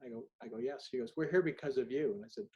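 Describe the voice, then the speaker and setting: Author guest, middle-aged man, mid-pitched voice, candid storyteller who plays out both sides of a conversation. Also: racing, a little mellow, lo-fi sound. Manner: candid, anecdotal, acts out dialogue. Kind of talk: storytelling in an interview.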